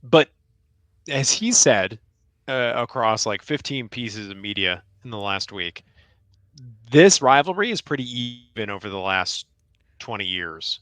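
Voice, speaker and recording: A man's voice: on the low side, lively intonation, measured pace, a bit bright, no echo. A man co-hosting a sports podcast, reading listener questions with a wry, joking manner. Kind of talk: casual sports podcast chat.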